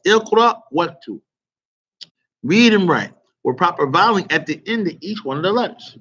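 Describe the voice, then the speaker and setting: A man's voice: fairly high pitch, a bit bright, slightly rough, highs cut off. A man teaching an online Arabic grammar lesson, quizzing students and praising their answers with casual asides.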